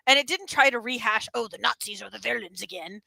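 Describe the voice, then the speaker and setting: A woman hosting a casual stream, chatting and ranting excitedly and laughing often. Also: fairly high pitch, fast talker, creaky, no echo, rough recording. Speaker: streamer host. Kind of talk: casual chat.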